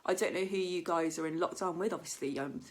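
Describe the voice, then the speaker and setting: A woman's voice: lowish voice, fast talker. A woman performing a stand-up comedy set, telling chatty stories and acting out the voices of people she quotes.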